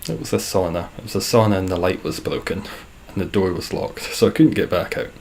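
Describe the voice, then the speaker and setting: A young man with a Scottish accent talks casually over his live game stream, answering chat with deadpan sarcasm. His low voice has a gravelly, creaky edge, and faint noise hums underneath. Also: brisk. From Scotland. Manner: dry, sarcastic and joking.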